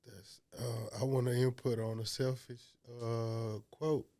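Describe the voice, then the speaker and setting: A man in a conversation, speaking in a measured way and repeating words as he builds his point. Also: medium pitch, level tone, mellow, no echo. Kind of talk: conversational discussion.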